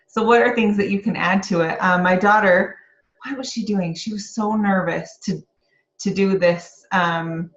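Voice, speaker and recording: A woman's voice: medium pitch, steady tone, unhurried. A middle-aged woman, a real estate agent, giving an upbeat, encouraging motivational talk to the camera. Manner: upbeat and encouraging, breaks into laughter. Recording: roomy, slightly dull lo-fi sound.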